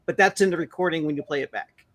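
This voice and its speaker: High-voiced skeptical man. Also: fast, fairly bright tone. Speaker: podcast guest. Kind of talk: casual podcast chat.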